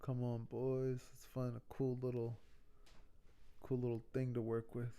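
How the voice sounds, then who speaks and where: A man's voice: medium pitch, monotone, measured pace, dark tone, clear, resonant tone. A man streaming live, chatting casually with viewers in a laid-back way and muttering to himself as he works. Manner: laid-back, mutters while working, addresses chat as bro and y'all.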